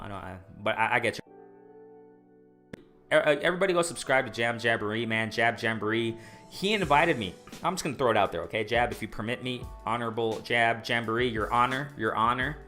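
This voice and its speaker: A man's voice: medium pitch, fairly bright tone. Rambling man hosting a boxing live stream. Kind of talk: casual live-stream chat, reading viewer comments.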